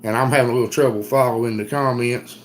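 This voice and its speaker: A middle-aged man with an Eastern North Carolina Southern accent, chatting casually on a livestream in a folksy, drawn-out storytelling way. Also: mid-range voice, steady tone, slight background noise. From Southern United States. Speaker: livestream host. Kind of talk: casual live chat reading comments.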